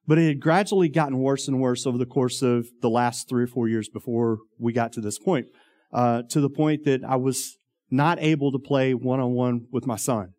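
A man's voice: mid-range voice, a little mellow. A man, telling a long personal story in a rambling way, full of ums and uhs. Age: 40s. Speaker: former youth minister.

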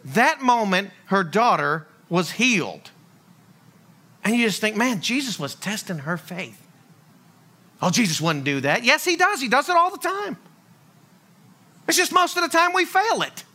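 In a high-pitched, bright and forward voice, a male pastor preaches a sermon at a measured pace, pausing often. He tells stories with great energy, slipping into the voices of the figures in them.

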